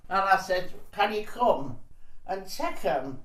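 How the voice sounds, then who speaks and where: A woman's voice: medium pitch, animated, takes it slowly, distant mic. An older woman, telling cheeky anecdotes in a chatty interview and laughing between stories. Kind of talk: casual storytelling. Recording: roomy sound, voice off-mic.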